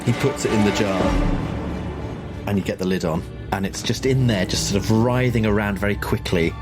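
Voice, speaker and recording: Low-voiced man narrating a horror game. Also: loud music behind the voice. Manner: measured, descriptive storytelling. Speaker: game master.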